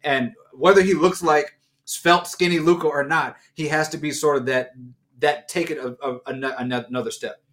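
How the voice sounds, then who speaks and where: Animated rambling male sports co-host. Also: a little high, normal speed. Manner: rambling, restarts and laughs, animated riffs. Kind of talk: casual sports chat.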